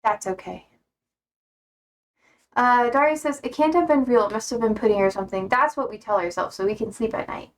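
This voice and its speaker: A young woman with a slightly high voice chats loosely on a livestream. She reads viewer comments aloud and answers them bluntly. She swears freely and laughs often. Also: brisk. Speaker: streamer. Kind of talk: casual chat reading viewer comments.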